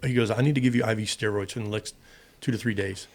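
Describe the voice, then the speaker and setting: This podcast guest is a retired fighter pilot, a middle-aged man from the United States, who talks fast in a fairly low, fairly even voice. In a casual interview he spins a long personal story, voicing both parties in the conversations he recounts.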